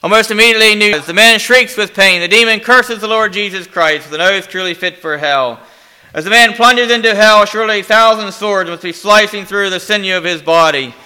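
A male preacher delivers a dramatic sermon in a high, very bright and tense voice. He piles up emphatic questions and vivid storytelling. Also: a little fast.

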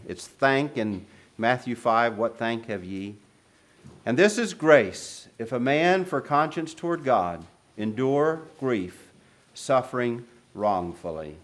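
Animated preacher reading scripture dramatically. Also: male voice, mid-range voice. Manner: reads scripture aloud in dramatic, rising bursts; drops to quiet asides between readings. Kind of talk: sermon.

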